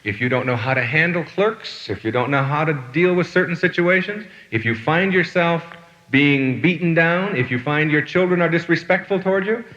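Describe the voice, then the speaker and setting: A man's voice: a little high, normal speed, fairly bright tone, in a large hall, muffled recording. A man giving a motivational lecture, telling stories and asking the audience rhetorical questions. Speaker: motivational speaker.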